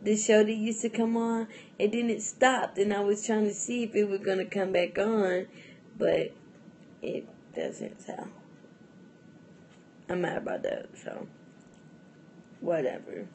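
A woman's voice: medium pitch, animated, a little slow, pauses often, darkish tone, a little hiss or hum. A young adult woman vlogging in a casual, rambling chat to camera, full of fillers and restarts and often breaking into laughs.

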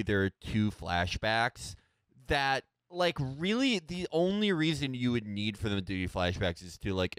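A man's voice: medium pitch, fairly bright tone, smooth, no echo. A man co-hosting a podcast, making dry, sardonic jokes in casual chat. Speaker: podcast co-host. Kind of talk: casual film-discussion chat.

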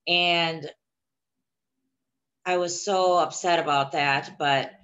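A young woman gives a personal testimony about giving birth, in a halting, hesitant way. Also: on the low side, fairly even intonation, fairly bright tone, highs cut off. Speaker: woman sharing her childbirth story.

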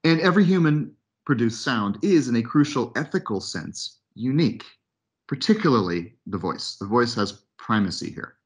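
A man giving an academic webinar lecture, reading a prepared text in a measured way with occasional asides. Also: mid-range voice, expressive, breathy edge. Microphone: computer mic on video call.

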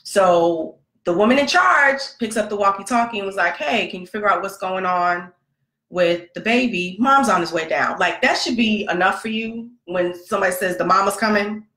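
A mother who hosts a podcast tells a long personal story about her son, casual and animated, acting out the quoted dialogue. Her mid-range voice moves at a moderate pace, and the recording has a roomy echo.

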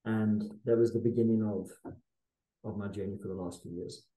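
A man's voice: lowish voice, steady tone, moderate pace, mellow, echoey room, rough recording. A man in his forties, a podcast guest, telling a dramatic personal story in a casual, intense way with slang. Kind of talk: storytelling in a conversational interview.

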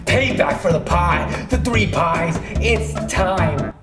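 A loud, excitable man hosting a vlog challenge at home, teasing and begging at full voice. His pitch leaps all over the place, and the room rings with echo while music plays clearly behind him. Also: takes it slowly. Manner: loud, excitable, teasing, often shouting pleas. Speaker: YouTube vlogger. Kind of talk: excitable challenge video banter.

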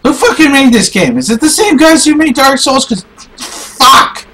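A young man playing a video game and commenting as he goes, swearing a lot and swinging from low muttering to shouting in frustration. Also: animated, normal speed, slight background noise. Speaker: gaming YouTuber. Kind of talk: raging gameplay commentary.

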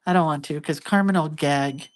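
A chatty, giggly older woman with a slightly low voice, talking easily to her viewers while she draws. She tells little family stories and drifts into asides. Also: moderate pace. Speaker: hand-lettering artist hosting a live stream. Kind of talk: casual live-stream chat while drawing.

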